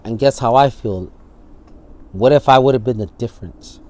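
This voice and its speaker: A man's voice: mid-range voice, moderate pace, a little mellow. A man, speaking in a candid documentary interview. He tells his story vividly, acting out the scenes and swearing freely. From San Francisco Bay Area.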